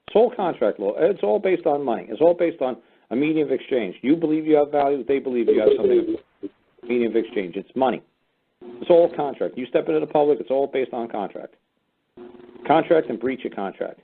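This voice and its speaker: Male call-in host: brusque, swearing lecturer, talks quickly, tinny phone-line quality. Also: medium pitch, animated, creaky, a little hiss or hum. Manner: blunt, profane and lecturing. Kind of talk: call-in radio talk. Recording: phone-like narrow sound.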